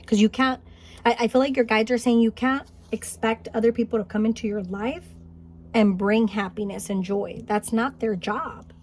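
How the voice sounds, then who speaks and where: Soft-spoken woman giving a card reading. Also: fairly high pitch, fairly even intonation, moderate pace, a little hiss or hum. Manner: gentle, encouraging, thinks aloud with restarts. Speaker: tarot card reader. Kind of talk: spiritual pick-a-card reading. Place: home, Highland Park, California.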